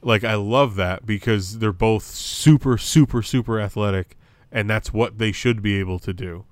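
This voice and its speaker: Young guy with a lowish voice, rambly podcast chat, lots of likes and restarts, dry close sound. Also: moderate pace, no echo. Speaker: podcast co-host. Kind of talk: casual wrestling review chat.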